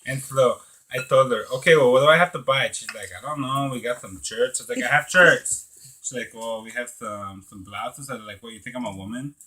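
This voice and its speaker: A rambling young Tijuana man voiced by a man in a put-on act tells a comic tale in a heavy Mexican accent. He rushes and loses his thread. His tone is bright, with a husky edge. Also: mid-range voice. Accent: put-on Mexican Spanish accent. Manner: meandering, flustered storytelling. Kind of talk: improvised comic storytelling.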